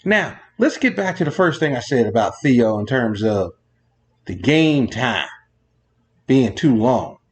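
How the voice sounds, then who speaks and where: A man's voice: medium pitch, sing-song, unhurried. Exasperated rambling sports-talk man. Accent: New York. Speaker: sports radio host. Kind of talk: ranting monologue.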